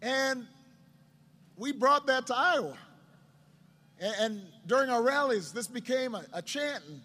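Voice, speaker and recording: A middle-aged man, a politician, telling a story in a speech to a crowd, with a halting delivery full of repeated words. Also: very high-pitched, animated, pushed and bright.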